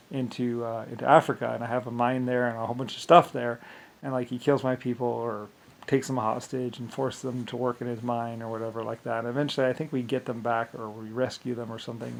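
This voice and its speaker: A man's voice: medium pitch, gravelly, low-quality recording. A man in a casual, rambling rant, scornful, full of restarts and fillers.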